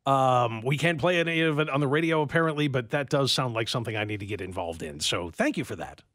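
A man co-hosting a radio talk show in casual banter, playful and animated, reading listener comments aloud. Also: medium pitch, fast, no room sound, clean studio sound.

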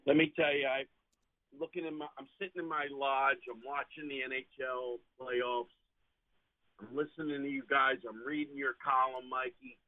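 A man's voice: medium pitch, level tone, normal speed. A man in his sixties calling in to a sports radio show, sentimental and choked up with emotion. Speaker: caller. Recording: tinny phone line.

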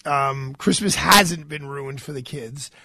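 Man, New York accent, stuffy cold, bright edge, dry close mic, rambling radio talk. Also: mid-range voice, takes it slowly, gravelly, no echo. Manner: rambling, stammering, many fillers. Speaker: radio show host.

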